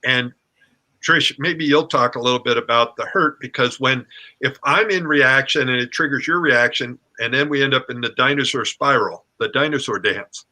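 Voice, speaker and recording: Middle-aged guy, relationship coach, super bright edgy voice, playful and animated, acts stuff out. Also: medium pitch, moderate pace. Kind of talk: casual conversation.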